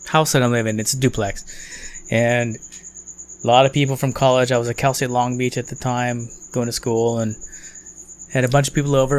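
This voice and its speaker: A man co-hosting a podcast, telling a party story in a talkative, animated way and swearing casually. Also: mid-range voice. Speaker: podcast co-host.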